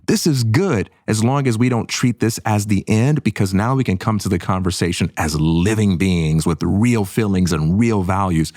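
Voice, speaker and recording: Deep-voiced earnest man, podcast co-host. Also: normal speed, few pauses, no room sound, clean studio sound. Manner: earnest, explanatory, animated when quoting others. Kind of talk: conversational podcast discussion.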